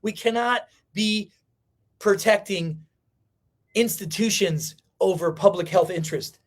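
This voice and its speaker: Male livestream host, higher register, impassioned and preachy, repetition for emphasis. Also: unhurried. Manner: fiery, preachy, repeats lines for emphasis.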